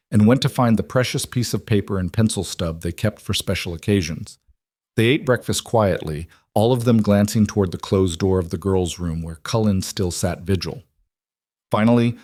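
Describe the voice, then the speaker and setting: A man narrating a scripted western story in a calm, measured way. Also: low-pitched, no room sound, clean studio sound.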